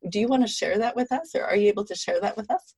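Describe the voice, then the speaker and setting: Husky lady podcast host, chatty, dry sound, lowish. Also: fast, darkish tone, no room sound. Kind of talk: podcast interview.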